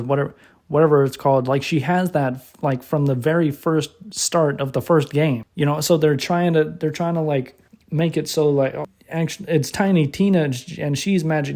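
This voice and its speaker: A man's voice: fairly high pitch, darkish tone. A man casually recapping a movie he watched, cursing often and rambling with lots of restarts and fillers. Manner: laughs while retelling. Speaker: movie reviewer.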